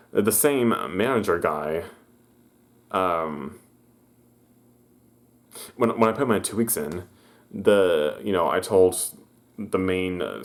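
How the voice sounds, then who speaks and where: A young man telling a story in a casual vlog, rambling with many restarts and stammers, and acting out the people he quotes in a raised voice. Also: sits low. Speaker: vlogger.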